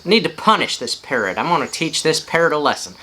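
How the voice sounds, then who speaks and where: A prim, determined lady, scolding and set on teaching a lesson, as a man puts her on in his own bright voice. The delivery is firm. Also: fairly high pitch, very animated, quick pace, breathy edge, exaggerated voice, low-quality recording. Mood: stern. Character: prim woman set on reforming a parrot.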